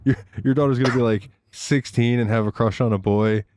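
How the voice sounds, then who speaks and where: A man in casual podcast chat who laughs a lot and talks in an animated, profane way. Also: medium pitch, a little fast, background noise. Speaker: podcast co-host.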